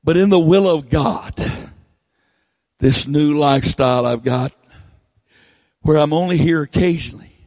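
A man's voice: a little slow, long pauses, a little mellow, no echo, clean studio sound. A male preacher, delivering a blunt, folksy sermon with teasing asides into a handheld microphone. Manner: folksy, blunt, teasing, drops to low mocking tones.

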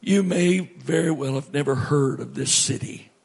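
A middle-aged male pastor preaching a sermon, animated, swinging from loud to hushed. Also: a little high, normal speed, creaky, breathy edge.

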